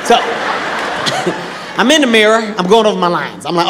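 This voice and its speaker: A man performing a stand-up comedy set, telling animated stories and acting out characters with sudden shouts, in a large live venue. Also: high voice, a little slow. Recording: echoey live hall with crowd noise. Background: audience laughter.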